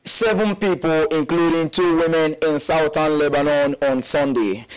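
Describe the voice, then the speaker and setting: A man reading the morning news in a steady, formal way on a campus radio station. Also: a little high, normal speed, clean tone, low-quality recording. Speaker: newsreader.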